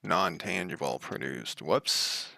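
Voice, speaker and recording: Slow, gravelly-voiced man thinking aloud. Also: very deep voice, expressive, sharp tone, no room sound, clean studio sound. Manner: muttering to himself, casual swearing, wry asides. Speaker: game developer streaming. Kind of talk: thinking aloud while coding.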